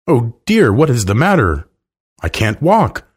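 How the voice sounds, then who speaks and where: A man voicing a flustered, prim elderly landlady who turns shrill and panicky. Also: wildly swooping pitch, unhurried, breathy edge, full character voice. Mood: panicked.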